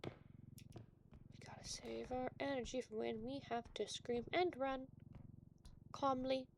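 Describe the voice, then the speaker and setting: A woman's voice: high-pitched, fairly even intonation, takes it slowly, gravelly, a little hiss or hum. A woman streaming a video game, giving playful, self-mocking commentary as she plays. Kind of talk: gaming commentary.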